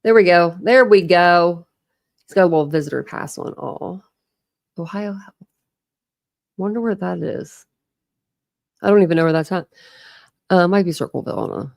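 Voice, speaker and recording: A woman's voice: on the low side, moderate pace, vocal fry, pauses often, darkish tone, no echo, studio quality. A middle-aged woman chatting casually on a livestream, gushing and rambling as she shows family photos.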